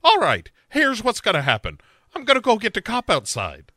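A man voicing a tough young woman who talks like a gravelly action-movie hero. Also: sits high, huge pitch swings, normal speed, pushed and bright, dry recording, clean studio sound, pitched above the performer's own voice, exaggerated voice. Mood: threatening. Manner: exaggerated gravelly tough-guy delivery.

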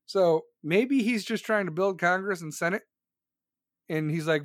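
A man's voice: sits high, measured pace, no echo, clean studio sound. Heated, foul-mouthed man ranting on stream. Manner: heated, swearing constantly, sarcastic. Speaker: political commentator streaming to viewers. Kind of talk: profane live-stream rant.

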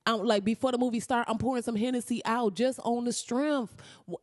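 A young woman in a casual reaction vlog, talking excitedly and profanely, laughing often and slipping into mock-outraged asides. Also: fairly high pitch, fairly quick, no echo, studio quality. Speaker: vlogger reacting to a movie trailer.

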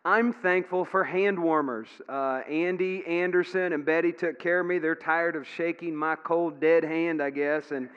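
Pastor preaching in a reverberant church. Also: male voice, on the high side, fairly even intonation, moderate pace, hardly any pauses, clean tone. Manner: folksy storytelling with fillers. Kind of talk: sermon. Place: church sanctuary. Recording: dull sound with long hall reverb.

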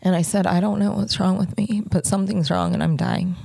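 A woman's voice: lowish voice, steady tone, a little fast, creaky, dark tone, breathy edge, no echo, studio quality. A middle-aged woman hosting a podcast, candidly telling a personal story in a conversational way with many fillers. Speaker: podcast host.

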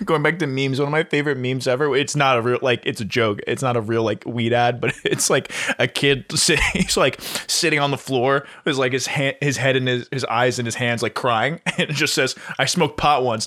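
A young man in casual chat, giggling often and joking excitably with swearing. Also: medium pitch, moderate pace, few pauses.

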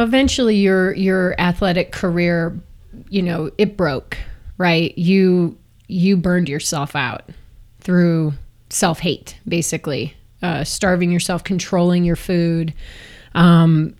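A woman hosting a podcast interview, enthusiastic and quick to laugh. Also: on the low side, steady tone, darkish tone. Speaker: podcast host. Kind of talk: casual interview.

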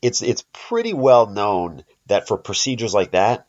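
A man's voice: on the low side, sing-song, unhurried, darkish tone. A man co-hosting a podcast, cutting in with wry wisecracks in casual chat. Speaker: podcast co-host. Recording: dull lo-fi microphone.

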